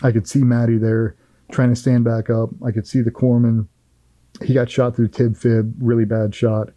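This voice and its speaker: A middle-aged man tells a firsthand war story in a blunt, profane, vivid way. His voice is very dark and mellow, and it sounds dry and close, with almost no room around it. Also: medium pitch, little pitch movement, moderate pace, no echo, low-quality recording. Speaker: former Navy SEAL guest.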